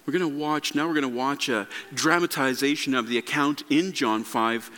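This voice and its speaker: A man's voice: mid-range voice, moderate pace, a bit bright. A man preaching a sermon in earnest, often restarting his phrases as he goes. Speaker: pastor. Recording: long reverb of a large hall.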